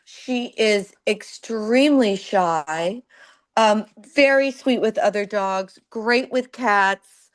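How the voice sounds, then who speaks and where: A woman presenting a foster dog over a video call, talking hesitantly with many pauses and ums. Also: medium pitch. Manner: slow, hesitant, lots of ums. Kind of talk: casual presentation.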